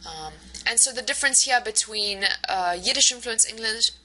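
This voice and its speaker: Bright-voiced woman lecturing with many fillers. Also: a little high, normal speed, low-quality recording. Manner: explanatory, many fillers, frequent "okay". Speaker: university lecturer. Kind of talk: recorded lecture over slides.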